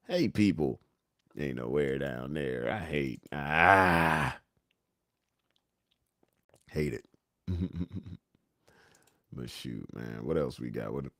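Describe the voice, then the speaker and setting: A man's voice: a bass voice, no echo, studio quality. A young man hosting a casual livestream, reading the chat and memes aloud, joking and laughing often in a laid-back way. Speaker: livestream host.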